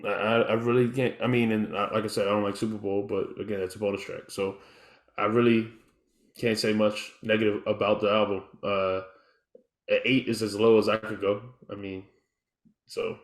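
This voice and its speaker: A man's voice: lowish voice, little pitch movement, normal speed. A man co-hosting a music podcast, speaking hesitantly with many stammered restarts. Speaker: podcast co-host. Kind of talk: casual chat. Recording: echoey room.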